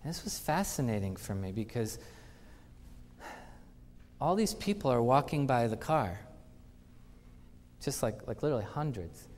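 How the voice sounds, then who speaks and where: A man's voice: mid-range voice, a little slow, pauses often. Man telling stories in a hall. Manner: animated anecdotes with acted-out quotes. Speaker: conference speaker. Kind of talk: storytelling conference talk. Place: conference hall. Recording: reverberant conference hall.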